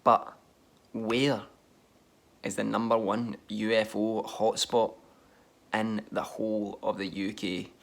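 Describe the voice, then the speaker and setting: A man's voice: fairly low pitch, little pitch movement, slow, long pauses. A young man telling a self-mocking story in casual style, often laughing. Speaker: vlogger.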